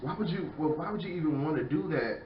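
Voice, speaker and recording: Fast and expressive, this young podcast host has a fairly high-pitched voice as he rants casually, swearing, rambling, and tossing in "you know what I'm saying" again and again. There's slight background noise, and the echoey room and distant mic leave the sound dull.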